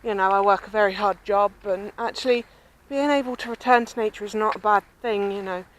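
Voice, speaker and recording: A woman's voice: mid-range voice, fairly quick, a little hiss or hum, rough recording. A woman from Southampton with a southern English accent, chatting and rambling in a casual vlog as she walks by a river. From Southampton, southern England. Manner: chatty, rambling, self-described babbling. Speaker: vlogger. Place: outdoors by a river with swans and ducks.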